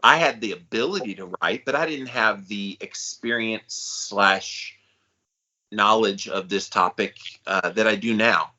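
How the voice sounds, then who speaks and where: A man's voice: lowish voice, a little slow, pushed and bright. A man co-hosting a podcast in casual chat, talking with eager, hyped-up enthusiasm. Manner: enthusiastic, self-described hype guy. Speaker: podcast co-host. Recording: slightly dull, lo-fi sound.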